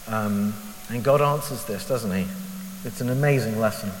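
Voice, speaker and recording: In a fairly low voice at a moderate pace, the lay preacher offers a candid, conversational reflection on the Bible. He questions himself rhetorically with self-deprecating honesty, and the recording picks up an echoey hall and faint hiss.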